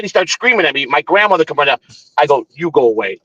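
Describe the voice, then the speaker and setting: A man's voice: a little high, big pitch swings, fast talker, bright, forceful tone, no room sound, muffled recording. Profane rambling man telling a story. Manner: profane, rambling, frequent restarts. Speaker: morning show host. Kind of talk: casual storytelling chat. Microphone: streaming setup.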